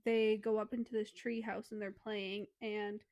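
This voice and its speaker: A woman's voice: medium pitch, level tone, a little slow, a little mellow, no echo. A young woman co-hosting a podcast, casually summarizing a book scene with fillers and the odd swear word. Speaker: podcast co-host. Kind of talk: casual book review chat.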